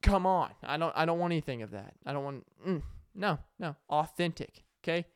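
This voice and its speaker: A man's voice: a little high, animated, fairly quick, clear, resonant tone, no echo, clean studio sound. A young man hosting his own podcast, talking alone in a rambling, joking way that turns emotional, with many restarts and fillers. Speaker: podcast host. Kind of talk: casual solo podcast monologue.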